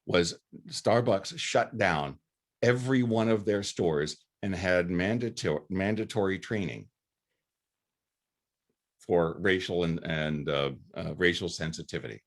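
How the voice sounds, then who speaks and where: A man's voice: deep voice, sing-song, measured pace. A man giving a faculty lecture in an earnest, conversational way, often restarting his phrases. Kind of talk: recorded lecture.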